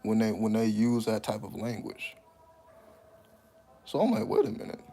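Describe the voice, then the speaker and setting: A man telling stories in a casual, profane monologue, breaking into high laughing exclamations. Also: steady tone, measured pace, mellow, faint music behind. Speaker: channel host.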